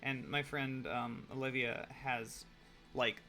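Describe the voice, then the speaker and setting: A man's voice: mid-range voice, steady tone, slow pace, sharp tone, soft background music. A young man chatting casually while he paints on a live stream, joking and explaining each step.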